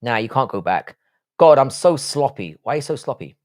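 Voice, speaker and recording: Man, live-stream host, casual chat, blunt, swears a lot, average pitch. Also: lively intonation, brisk, darkish tone. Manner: blunt and profane, musing aloud.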